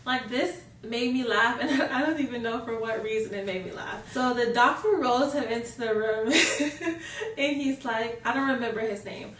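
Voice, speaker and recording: Young woman vlogger rambling through a story, says like a lot, slightly high voice, faint hiss, sounds a bit far off. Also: normal speed, hardly any pauses, a bit bright. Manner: chatty, fills sentences with "like". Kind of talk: casual storytelling. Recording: roomy echo, mic set back.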